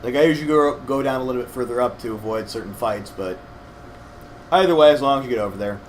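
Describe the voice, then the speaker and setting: A young man walking his partner through a video game, his voice slightly scratchy and his tone mid-pitched. He explains things patiently and hedges his claims with self-deprecating asides. A faint hum runs underneath. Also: quick pace. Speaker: co-host gamer guiding his partner. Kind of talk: casual let's-play commentary.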